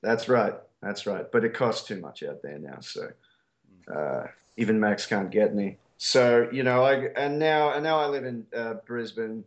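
A man's voice: on the low side, measured pace. A man with an Australian accent in casual podcast chat, talking with many fillers and restarts.

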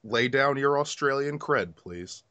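A man's voice: medium pitch, lively intonation, unhurried, bright, forceful tone. A man in casual podcast chat, teasing and joking with his co-hosts. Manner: teasing, jokey.

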